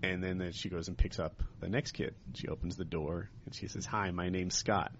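A low, gravelly male voice that rambles through a long joke and bursts into loud laughter. The recording is dull and lo-fi with a faint hiss behind it. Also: fairly even intonation, normal speed. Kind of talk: casual chat among friends.

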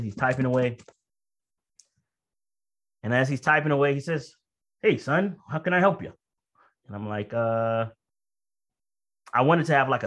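Man preaching, quick then slow and emphatic. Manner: conversational, pace swings between quick asides and slow emphatic phrases; rises to loud high-pitched outbursts when reenacting emotion. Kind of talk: sermon with personal story.

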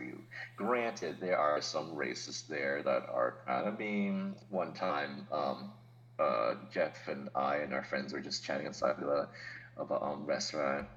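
A man's voice: extremely low pitch, a bit bright, dull audio. A man talking as a podcast guest in casual chat, explaining things patiently with laughs and asides.

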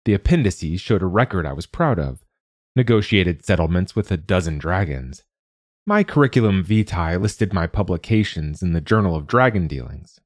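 A man's voice: deep voice, expressive, moderate pace, no room sound. A man narrating a fantasy story in the first person with a dry, wry manner. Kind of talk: scripted audiobook narration.

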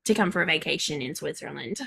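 A woman's voice: deep voice, expressive, fast talker, gravelly, bright, forceful tone. A woman in her thirties with a Southern country accent, chatting playfully and laughing often as co-host. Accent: American Southern country. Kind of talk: casual chat.

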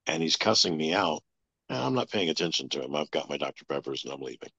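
A man telling a long personal story as an interview guest, in a flat, matter-of-fact way. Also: extremely low pitch, quick pace, slightly rough, no room sound. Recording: dull lo-fi sound.

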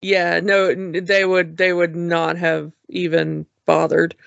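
A relaxed podcast co-host in casual chat, talking at an unhurried, slow pace and leaning on filler words. The recording is dry and close, with a dull lo-fi tone. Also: medium pitch, vocal fry, no room sound. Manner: relaxed, many "you know" fillers. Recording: dull lo-fi sound.

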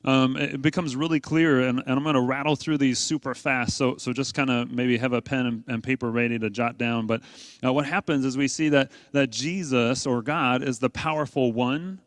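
Guy preaching casually, asks the room questions, punches key words, dry close mic, mid pitch. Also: fairly even intonation, moderate pace, no echo. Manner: conversational preaching with rhetorical questions. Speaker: pastor. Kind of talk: sermon.

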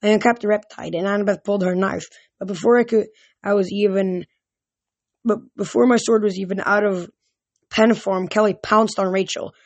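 An amateur reader narrating a novel in first person, halting and often restarting sentences. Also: mid-range voice, fairly even intonation, no echo. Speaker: audiobook reader. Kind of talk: amateur audiobook reading.

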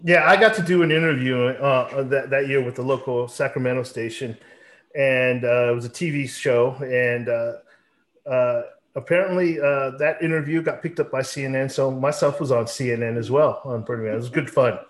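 A man in his forties hosting a casual podcast, telling a long rambling story with animated asides. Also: medium pitch, moderate pace. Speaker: podcast host.

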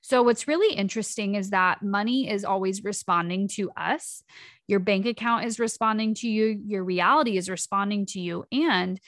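A woman hosting her own coaching podcast in a loose, chatty way. She breaks off mid-thought and restarts often. Her voice sits at a middle pitch and the sound is dry and close, with no room around it. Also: dry recording. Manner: chatty, self-interrupting, animated acted quotes. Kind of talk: casual solo podcast talk.

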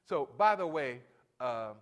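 A man in his late sixties preaching a sermon, telling family stories and directing the band and congregation, his voice rising loud for emphasis. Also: mid-range voice, lively intonation, slow. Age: 60s. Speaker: pastor.

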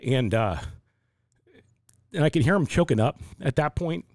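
A man in his forties talking about faith and grief in a reflective, halting way, often restarting his sentences. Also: on the high side, animated, darkish tone, no room sound, studio quality. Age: 40s. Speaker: pastor. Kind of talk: casual faith discussion.

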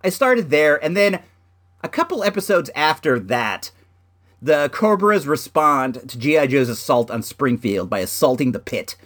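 A man casually chatting to the camera about an action figure in his collection, laid-back and excitable, peppering his talk with "like" and "dude". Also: fairly high pitch, a little slow. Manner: excitable, voice jumping up and down.

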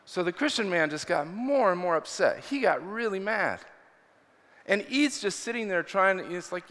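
A man preaching a storytelling sermon in a church hall, earnest and animated as he tells the story. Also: a little high, normal speed. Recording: reverberant hall.

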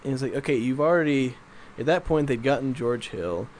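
A man's voice: medium pitch, lively intonation, fairly quick, a little mellow, slight background noise. A man in casual sports chat, rambling and mildly exasperated as he makes his points.

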